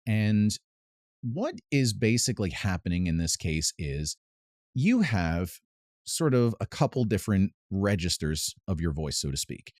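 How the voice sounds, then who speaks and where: Low-voiced man teaching singing. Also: sing-song, unhurried, darkish tone, dry recording, clean studio sound. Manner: pedantic, explains with sung demonstrations. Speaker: vocal coach. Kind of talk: casual vocal lesson. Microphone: close mic with added reverb at times.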